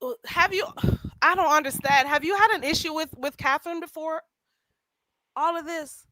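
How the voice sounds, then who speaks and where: A woman's voice: high voice, moderate pace, sharp tone, a little hiss or hum, low-quality recording. A woman hosting a casual live chat stream, chatty and laughing as she questions her guests.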